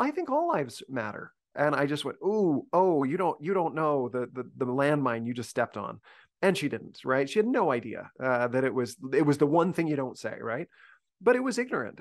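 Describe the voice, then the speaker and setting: Speaking at a medium pitch, a man briefs university faculty in a conversational discussion. He's earnest and thinks aloud, frequently restarting his sentences.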